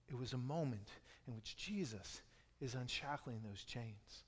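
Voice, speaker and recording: A man preaching a sermon as a pastor, moving between loud emphatic lines and hushed, near-whispered retellings. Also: mid-range voice, unhurried, slightly rough, long reverb tail.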